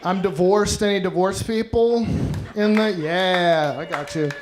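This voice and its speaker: A man's voice: high-pitched, unhurried. A man doing a stand-up comedy set in a club, telling wry, self-deprecating stories into a handheld mic, recorded live. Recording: noisy live stage recording.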